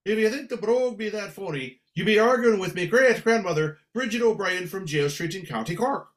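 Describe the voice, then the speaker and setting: A cheeky, lilting Irish man with a thick brogue, as a storyteller puts him on. The voice rises high and swings widely through every phrase, playful and sing-song. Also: expressive, moderate pace, fairly bright tone.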